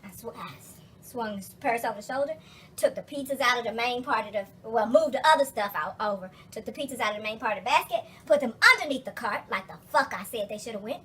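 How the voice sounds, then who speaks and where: A young woman with a high voice tells a story in one long, profane rant. Her tone is bright and sharp, and she keeps coming back to her exasperation with heavy emphasis. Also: animated, fast, slightly rough. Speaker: vlogger.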